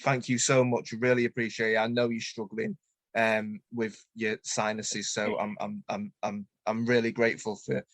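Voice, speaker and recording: A man's voice: on the low side, level tone, normal speed, fairly bright tone, no room sound. A man from England, hosting an interview. He stammers often and thanks his guest effusively. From northern England. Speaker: podcast host. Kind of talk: casual interview chat.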